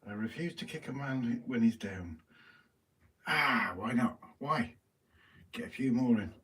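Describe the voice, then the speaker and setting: Reading viewers' comments and bantering playfully, a British livestream co-host chats in a mid-range, expressive voice with a fairly bright tone at a measured pace. He sounds far from the mic, and there's faint background noise.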